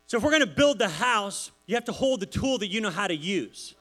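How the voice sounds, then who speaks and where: A man, a pastor, giving a casual sermon in church, chatty and animated, telling stories with many asides. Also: high voice, brisk.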